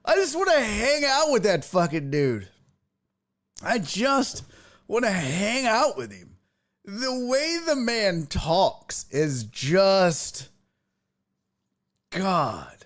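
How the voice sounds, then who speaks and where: A man hosting a sports podcast, chatting casually, excitable and profane, often laughing and imitating voices. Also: high voice, drawn-out words, long pauses.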